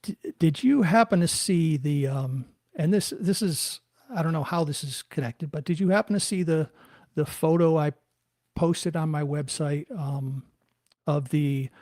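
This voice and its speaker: Fairly high-voiced host, halting speech. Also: male voice, a little mellow, no echo, clean studio sound. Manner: halting, searching for words, many restarts. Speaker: podcast host. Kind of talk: casual interview talk.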